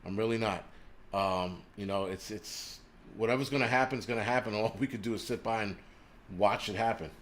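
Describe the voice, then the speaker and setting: A man's voice: lowish voice, fairly quick, fairly bright tone, slight background noise. A man hosting a livestream, ranting angrily and profanely, stopping to read out viewer comments and donations. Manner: reads viewer names and donations aloud. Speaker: livestream host.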